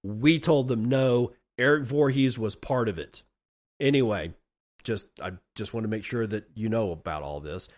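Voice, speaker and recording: A man's voice: fairly low pitch, moderate pace. A middle-aged man hosting a solo commentary podcast, sarcastic and ranting, stretching out words for emphasis. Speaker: podcast host.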